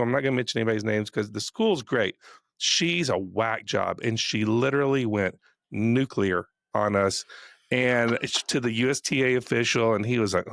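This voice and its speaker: A man co-hosting a podcast, telling a story in a casual, animated way, acting out quotes and laughing often. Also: medium pitch, creaky, no room sound, clean studio sound. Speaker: podcast co-host.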